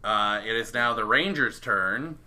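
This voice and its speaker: Casual: guy running a d&d table, really bright sharp tone, laid back and chuckly. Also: on the low side, measured pace, a little hiss or hum. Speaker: game master.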